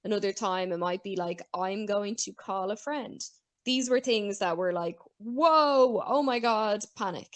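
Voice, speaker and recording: A woman's voice: mid-range voice, moderate pace. A woman with an Irish accent hosting a podcast in casual chat, talking freely, swearing and laughing often. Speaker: podcast host.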